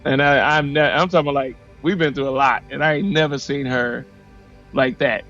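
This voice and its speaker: A man in his forties from Missouri tells his own story as a podcast guest. He is animated and slips into the voices of people he quotes. The audio is dull and lo-fi, with soft music playing underneath. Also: medium pitch, brisk. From Missouri, USA. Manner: animated, acts out quoted dialogue. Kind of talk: personal storytelling.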